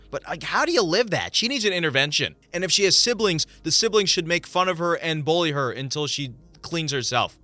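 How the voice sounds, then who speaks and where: A man narrates online stories in a bright, forward tone that climbs a little above the usual male range. His delivery jumps around in pitch, lively and animated, and the sound is close and dry with no room around it. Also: dry recording. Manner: animated, playful asides. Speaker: story reader. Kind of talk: reading online posts aloud with commentary.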